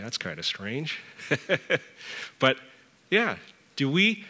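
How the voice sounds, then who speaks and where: Middle-aged male church elder, sermon delivery, bright tone, storytelling with emphatic pitch rises. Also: in a large hall.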